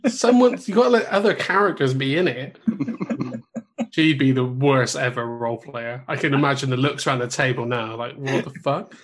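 A man co-hosting a casual podcast, laughing often, swearing and acting out quick voices. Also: medium pitch. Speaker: podcast co-host. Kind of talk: casual chat.

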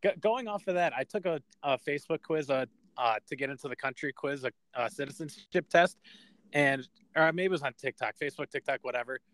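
A man's voice: a little high, brisk, a bit bright, no echo. A young man co-hosting a podcast, chatting casually, swearing often and laughing at himself. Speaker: podcast co-host. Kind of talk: casual chat.

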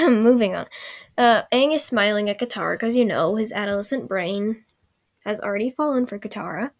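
A woman's voice: medium pitch, animated, normal speed. A woman casually recapping a show episode, full of sarcastic, rambling asides.

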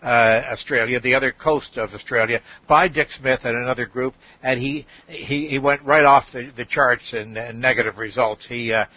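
An older man, a guest in a podcast interview, telling an anecdote in an unhurried way with many fillers. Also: medium pitch, steady tone, no echo. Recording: dull lo-fi audio.

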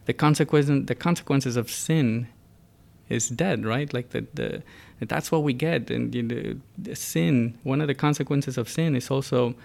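An American man talking through religious ideas in a relaxed podcast-style chat. He stumbles through fillers and restarts, then presses his points with earnest emphasis. His voice has a gravelly, creaky edge at a middling pitch. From United States. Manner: halting, many fillers and restarts. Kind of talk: casual religious discussion.

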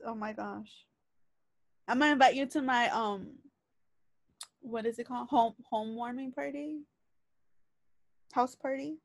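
A young woman with a high voice chats with a friend in a relaxed way and answers quickly. The recording is dry and close, with no room sound. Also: gravelly, no room sound. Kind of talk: casual chat.

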